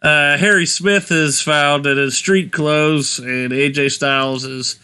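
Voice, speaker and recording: A man's voice: a little high, fairly even intonation, takes it slowly, bright, forceful tone, clean tone. A man co-hosting a casual game commentary, laid-back and blunt as he reads out match results. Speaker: let's play co-host.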